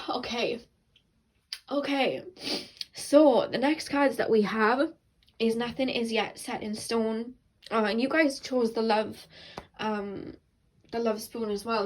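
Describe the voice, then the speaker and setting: A woman's voice: a little high, poor audio. A young woman giving a casual, earnest tarot reading to her viewers, rambling with fillers and restarts, at times tearful. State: tearful and emotional. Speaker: tarot card reader.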